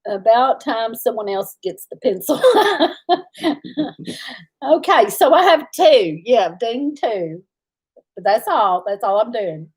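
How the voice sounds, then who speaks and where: A woman's voice: a little high, big pitch swings, slow pace, husky. A woman, chatting casually as co-host of a livestream, laughing often as she tells stories. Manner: laughs often, drawling storyteller. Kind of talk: casual live chat.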